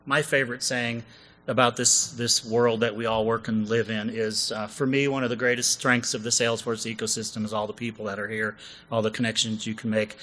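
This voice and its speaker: A man's voice: medium pitch, a bit bright, low-quality recording. A man co-presenting a comedic conference session, chatty and jokey, often asking the audience questions.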